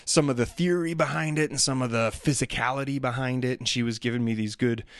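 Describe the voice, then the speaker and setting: A man's voice: mid-range voice, steady tone, quick pace, no room sound, clean studio sound. A middle-aged man musing casually and with self-deprecating humor in a solo monologue. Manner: chatty, self-deprecating, demonstrates singing sounds.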